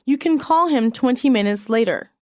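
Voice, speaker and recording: A woman reading business English sentences aloud in a measured, clearly enunciated way. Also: fairly high pitch, expressive, a little mellow, no room sound. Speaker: English phrase reader. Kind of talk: slow read-aloud example sentences.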